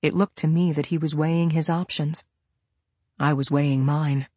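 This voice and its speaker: Audiobook narrator: woman, husky, lowish voice, steady measured read, dry booth sound. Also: no room sound. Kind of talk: scripted first-person thriller narration.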